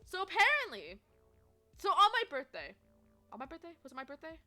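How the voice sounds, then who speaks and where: A young woman streamer telling stories to her chat in a chatty, animated way, swearing freely and laughing often. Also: very high voice, fairly quick, faint music behind. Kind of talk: casual storytelling to chat.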